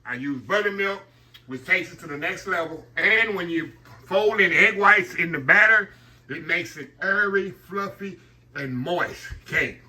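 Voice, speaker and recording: Older man, folksy home-kitchen cooking host, bright, slightly high voice. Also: lively intonation, measured pace. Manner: chatty, folksy, addresses viewers as y'all. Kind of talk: casual cooking demonstration.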